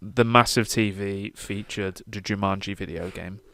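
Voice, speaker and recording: A man's voice: on the low side, normal speed, vocal fry, no room sound, studio quality. Joking young man, podcast co-host. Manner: jokey, deadpan setups, swears. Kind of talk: casual banter.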